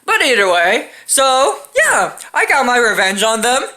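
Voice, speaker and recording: Animated, bright-voiced young woman telling stories. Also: fairly high pitch, a little slow. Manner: animated, profane, laughing often. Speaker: storytime channel host. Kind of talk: casual storytelling.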